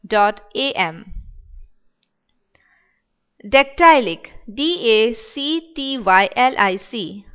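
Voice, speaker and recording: A woman reads a lesson aloud very slowly and deliberately, stopping to spell out terms letter by letter. Her voice is smooth, clear and on the high side. The recording sounds dull and lo-fi. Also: lively intonation, a bit bright. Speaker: teacher. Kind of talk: slow read-aloud lesson.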